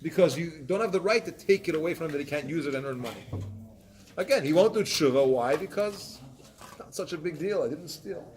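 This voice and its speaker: A man teaching a Torah class, explaining points with animated examples and acted-out excuses. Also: on the high side, a little fast. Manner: animated, acts out excuses in voices.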